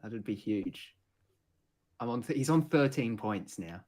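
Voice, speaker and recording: A man's voice: medium pitch, expressive, unhurried, a little mellow. A man co-hosting a casual live football chat, laid-back and joking, often trailing off mid-sentence. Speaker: podcast co-host.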